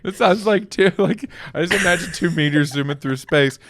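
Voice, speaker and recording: A man's voice: sits high, normal speed, a bit bright, slight background noise. A man from the American Midwest hosting a late-night comedy chat, teasing his guest, laughing often and swearing freely. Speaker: podcast host.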